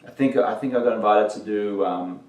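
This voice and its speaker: A man's voice: fairly low pitch, fairly quick, a little mellow, roomy sound, recorded from a distance, low-quality recording. A man being interviewed as a guest, telling his career anecdotes in an easygoing, casual way and acting out what people said. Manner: anecdotal, easygoing, acts out quotes. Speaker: guest, entertainment journalist.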